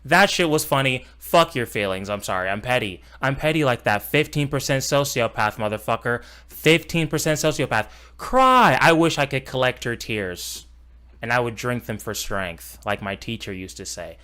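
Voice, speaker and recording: A man streaming a reaction, ranting in a profane, heated and mocking way, swinging between loud outbursts and muttered asides. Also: mid-range voice, normal speed, smooth. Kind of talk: casual live-stream reaction rant.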